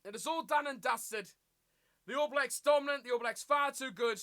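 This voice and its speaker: A man commentating live on a rugby match for his stream, animated and full of rhetorical questions, reading viewer chat aloud and answering it. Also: extremely high pitch, normal speed.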